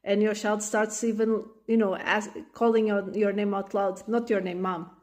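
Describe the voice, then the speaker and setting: A woman vlogging about parenting, telling an everyday story in an animated way and acting out the scenes. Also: medium pitch, moderate pace. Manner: animated, acts out the scenes in voices. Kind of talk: casual storytelling monologue.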